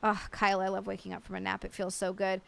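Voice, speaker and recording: A woman's voice: medium pitch, monotone, quick pace, creaky, fairly bright tone, smooth. An American woman livestreaming, chatting casually and rambling, reading out viewer messages and swearing now and then. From United States. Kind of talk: casual live-stream chat.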